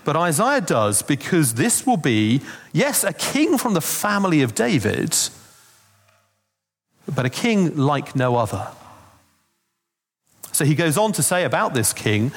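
Preacher with a lively voice. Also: male voice, a little high, a little slow, long pauses, husky. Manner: conversational storytelling with asides. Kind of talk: Christmas sermon. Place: church. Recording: long reverb of a church hall.

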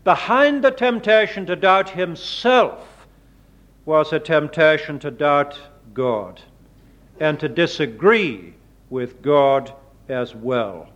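Male preacher, measured sermon delivery, high voice, muffled old recording. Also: animated, a bit bright. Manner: slow, deliberate preaching with dramatic emphasis on quoted words.

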